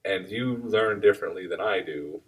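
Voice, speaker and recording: Low husky-voiced guy thinking out loud about teaching, kinda far from the mic. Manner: thoughtful, reflective, speaks in measured phrases. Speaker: martial arts instructor, podcast co-host. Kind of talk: casual chat.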